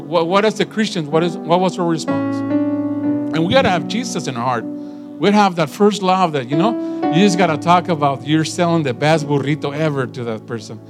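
A middle-aged man preaching a sermon in an animated, emphatic way, telling stories to a congregation. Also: fairly high pitch. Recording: guitar and piano music underneath.

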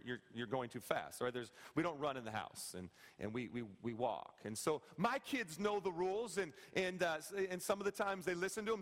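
A male pastor in his thirties with a fairly high voice, preaching in a casual, joking way and often asking the congregation "right?". His voice carries a long reverb from the church hall. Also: a bit bright. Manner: conversational, joking, frequent "okay?" and "right?" asides to the congregation. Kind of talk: sermon. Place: church sanctuary.

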